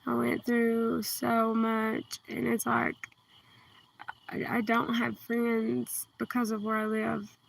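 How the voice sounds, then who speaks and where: A woman with a southern Kentucky accent, chatting on a livestream outdoors at night, speaking slowly and carefully enunciating into a phone. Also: on the high side, completely flat delivery, vocal fry. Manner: slow, deliberately enunciated, soft-spoken. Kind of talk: casual livestream chat. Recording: distant phone mic, faint outdoor hiss.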